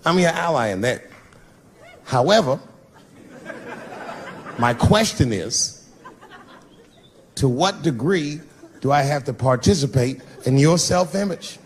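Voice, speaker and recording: Brief: a male stand-up comedian with a fairly high voice, animated and crude delivery. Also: slow, long pauses, a faint crowd, slight background noise. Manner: animated, profane storytelling.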